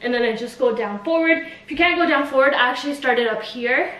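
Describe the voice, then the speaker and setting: Woman vlogger, slightly high voice, casual and breathless, roomy echo. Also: a little fast, a bit bright. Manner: chatty, lots of filler "like". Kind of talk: casual demonstration. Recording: echoey room, faint noise.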